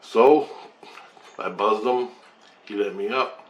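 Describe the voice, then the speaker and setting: A man's voice: lowish voice, slow pace. A man casually telling a personal story in a loose, rambling way, with swearing and asides. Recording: roomy echo, faint background hum.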